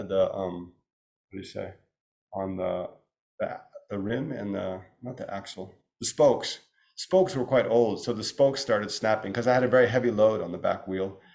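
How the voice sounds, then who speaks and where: An American man from Virginia giving a Buddhist teaching talk, halting and thoughtful with frequent restarts. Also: lowish voice, gravelly, darkish tone. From Virginia, United States. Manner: halting, many restarts and pauses. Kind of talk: teaching talk with personal story.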